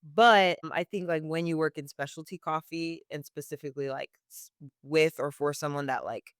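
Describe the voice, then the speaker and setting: A woman's voice: sits low, normal speed, smooth, no echo, clean studio sound. A young woman working as a barista, answering interview questions casually with many "like" fillers and frequent laughs.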